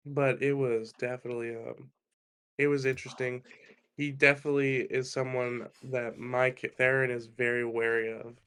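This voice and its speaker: A man at mid pitch chatting casually as a player in a tabletop game. He sounds tentative and asks a lot of questions. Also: level tone, unhurried, long pauses, fairly bright tone, smooth.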